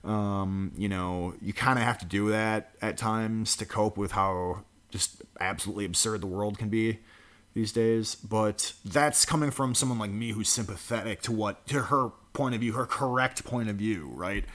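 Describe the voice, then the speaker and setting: Man, lowish voice, profane mocking rant, reaction vlog commentary. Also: steady tone, normal speed, fairly bright tone. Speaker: political commentary vlogger.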